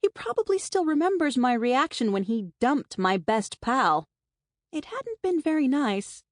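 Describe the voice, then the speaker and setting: Her voice sits high and is very animated, yet her pace stays measured as she reads a first-person novel aloud. This wry, conversational audiobook narration is recorded on a close studio mic without room sound.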